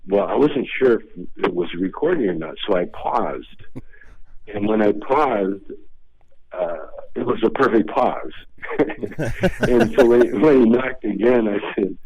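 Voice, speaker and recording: A man's voice: fairly low pitch, expressive, moderate pace. A male comedian telling rambling, laid-back anecdotes as a guest in a radio interview. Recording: dull lo-fi radio sound.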